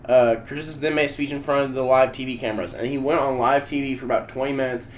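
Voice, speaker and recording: A man hosting a podcast, telling a story in casual chat, profane, rambling and excitable. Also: mid-range voice, fast talker, a little hiss or hum. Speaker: podcast host.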